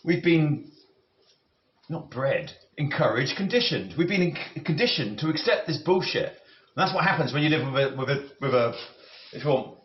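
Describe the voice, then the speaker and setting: A man's voice: on the high side, animated. Rambling man musing in a roomy kitchen. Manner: musing, halting, with frequent restarts. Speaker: cooking vlogger. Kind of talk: rambling talk while cooking. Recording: roomy, slightly dull audio with faint noise.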